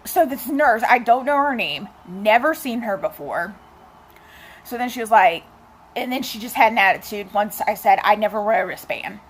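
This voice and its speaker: A woman's voice: medium pitch, animated, normal speed, husky. A young woman chatting casually to her viewers, telling a personal story with lots of asides. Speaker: vlogger.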